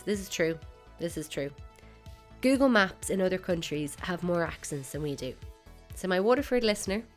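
A woman with an Irish accent hosting a comedic podcast from her bedroom, wry and mock-indignant. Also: on the low side. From Ireland. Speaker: podcast host. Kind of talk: scripted comedic podcast monologue. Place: bedroom at home.

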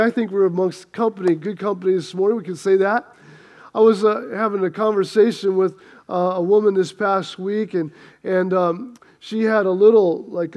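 A pastor telling a joke and then preaching to his congregation in a quick, storytelling way. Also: high voice, muffled recording. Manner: storytelling, quick and animated, many restarts. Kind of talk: sermon with a joke.

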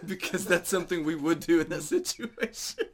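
A man co-hosting a comedy podcast, adding crude banter and laughing, drawn-out reactions. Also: on the high side, animated. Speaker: podcast co-host.

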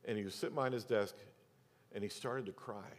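Middle-aged pastor preaching in a reverberant hall. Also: male voice, fairly low pitch, fairly quick. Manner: storytelling, acts out quoted voices, drops to near whisper for emphasis. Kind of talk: sermon with personal story. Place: church sanctuary.

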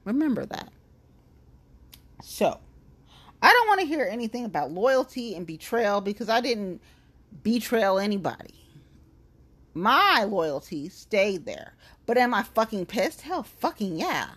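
A woman's voice: medium pitch, very animated, a little slow, long pauses, fairly bright tone, breathy edge. A woman venting angrily in a blunt, profane rant, talking straight to her viewers. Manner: blunt, profane, heated, emphatic. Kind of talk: angry venting rant to camera.

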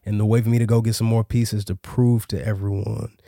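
Low-voiced laid-back male podcast host. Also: level tone, fairly quick, gravelly, dark tone, no echo, studio quality. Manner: laid-back, slangy, reflective. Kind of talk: casual chat.

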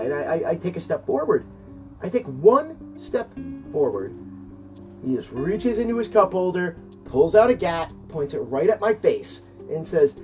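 A storyteller recounts events in a loose, animated way, pitch swinging widely and full of curses and restarts. The voice sounds a little distant from the mic. Faint guitar music plays behind. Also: normal speed. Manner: animated, profane, rambling with restarts. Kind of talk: casual personal storytelling.

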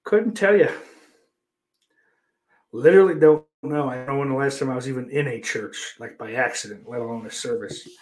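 A man streaming live and talking loosely to his chat. He rambles from one thing to the next, swears freely and jokes around at a middling pitch. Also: normal speed, darkish tone. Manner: rambling, profane, loose and joking. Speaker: livestream host.

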